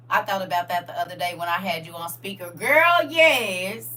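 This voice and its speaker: Raspy woman hosting casual Bible study. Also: lowish voice, normal speed, sharp tone. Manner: chatty, laughs often, talks to listeners directly. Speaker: online scripture study host.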